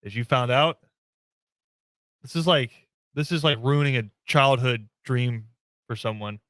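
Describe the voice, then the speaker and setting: A man's voice: mid-range voice, unhurried, a bit bright, no room sound. A man hosting a sports podcast in casual, joking banter with his co-host.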